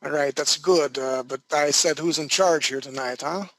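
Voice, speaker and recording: A man doing a pompous French-Canadian executive in a bad, hammy French accent. The voice sits fairly high for a man. It is heard over an online voice call. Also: normal speed, fairly bright tone, rough recording.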